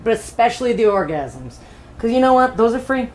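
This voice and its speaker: A woman's voice: a little high, big pitch swings, brisk, slight background noise. A woman co-hosting a podcast, chatting about a book with jokey, irreverent asides. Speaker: podcast co-host. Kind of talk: casual book-recap chat.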